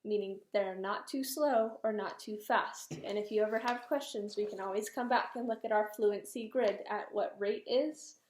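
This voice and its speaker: A young woman teaching a reading lesson, explaining steps to students in a clear, patient way. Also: medium pitch, normal speed, few pauses, darkish tone, reverberant, slight background noise. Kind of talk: classroom lesson, micro-teach practice.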